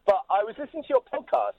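A man phoning in to a radio show, excitable and rambling with little to say. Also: high voice. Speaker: caller. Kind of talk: casual phone-in chat. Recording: dry muffled phone line.

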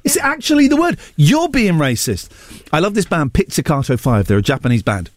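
A man's voice: a little high, very animated, a little fast, dry recording. A man hosting a radio show, joking and rambling playfully with his co-hosts. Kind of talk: casual on-air banter.

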